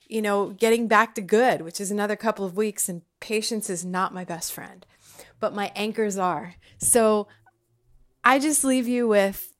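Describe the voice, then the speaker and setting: A woman talking casually and heartfelt to her viewers from home, chatty and rambling as she reflects on the people she relies on. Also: medium pitch. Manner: warm, chatty, rambling with fillers. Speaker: vlogger sharing personal reflections. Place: home, kitchen or dining table.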